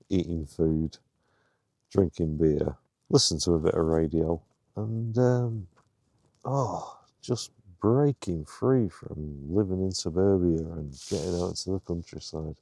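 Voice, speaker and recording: A man's voice: low-pitched, mellow, no echo, clean studio sound. A man, talking casually to camera while wild camping on a hill, chatty and rambling with lots of fillers. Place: outdoors on a hill, later inside a tent.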